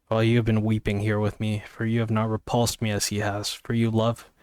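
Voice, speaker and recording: A man's voice: fairly low pitch, monotone, a little fast, a little mellow, smooth, no room sound, clean studio sound, lightly acted. Man reading as a tearful pleading young woman. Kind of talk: amateur book reading.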